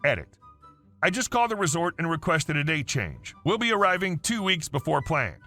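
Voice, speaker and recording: High, lively male story narrator. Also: normal speed, faint music behind. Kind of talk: reading online stories aloud.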